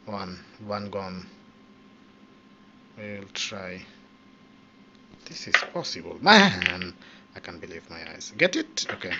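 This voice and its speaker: Low-voiced man swearing through gameplay. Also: takes it slowly, long pauses. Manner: excitable, swears often at the game. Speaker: gaming channel host. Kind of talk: casual live gameplay commentary. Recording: dull lo-fi mic with steady background noise.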